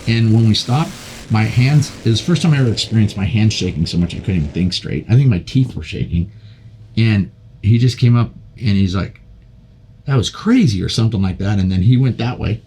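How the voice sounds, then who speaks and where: An older man, a podcast guest, telling a long story in a casual, animated way, with many repeats and restarts. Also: on the low side, brisk, a little hiss or hum.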